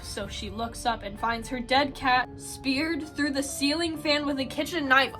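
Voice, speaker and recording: A young woman with a high voice reads creepy stories aloud, acting out each line with energy. She keeps stopping for chatty, laughing asides to her viewers. Faint music plays under her voice. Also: normal speed, hardly any pauses. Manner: animated, acts out lines in the story. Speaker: vlogger reading stories.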